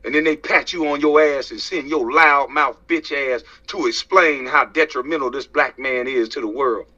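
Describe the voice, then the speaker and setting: An American man who is a social media commentator rants to camera, heated and profane, preaching and firing rhetorical questions. His mid-range voice has a sharp tone and a moderate pace, and the recording is dull and lo-fi.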